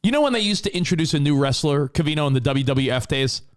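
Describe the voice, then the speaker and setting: A man co-hosting a podcast, telling stories in casual, animated banter. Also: a little high, fast. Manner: animated storyteller. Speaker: co-host.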